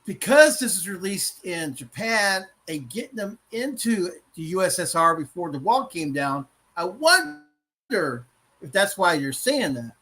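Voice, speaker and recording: A man co-hosting a podcast in casual chat, eager and quick to chuckle, musing aloud. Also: high voice, sing-song, sharp tone. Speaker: podcast co-host.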